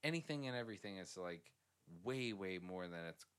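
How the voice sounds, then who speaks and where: A man in his thirties chatting casually, wry and quick to laugh. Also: low-pitched, expressive, clear, resonant tone. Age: 30s. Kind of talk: casual chat.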